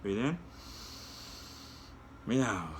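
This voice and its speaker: A man reading a children's yoga story and guiding kids through the poses in a gentle, coaxing way, talking straight to the children. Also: on the low side, animated, very slow, a little hiss or hum.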